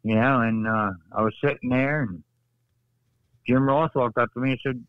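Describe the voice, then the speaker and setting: A man, a former wrestler, telling stories on a podcast in a casual, animated way, acting out quotes. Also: moderate pace, no echo, phone-quality sound. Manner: animated, acts out quotes with raised pitch. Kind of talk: casual storytelling.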